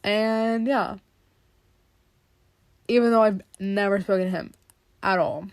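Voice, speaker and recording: A woman's voice: medium pitch, steady tone, takes it slowly, pauses often, clear, resonant tone, no echo, studio quality. A young woman hosting a podcast, telling stories in a rambling, dramatic way and laughing often. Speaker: podcast host. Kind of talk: casual podcast monologue.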